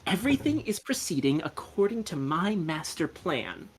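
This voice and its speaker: A streamer voicing a smug, pompous gentleman detective in a video game, with a theatrical, raised voice. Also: medium pitch, big pitch swings, fast, breathy edge, voice pushed up.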